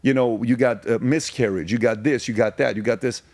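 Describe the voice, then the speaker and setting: A man's voice: medium pitch, fairly even intonation, a little mellow, no room sound. Emphatic man talking, dry sound. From Iran. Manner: emphatic, rapid-fire repetition. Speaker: podcast guest. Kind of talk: casual storytelling.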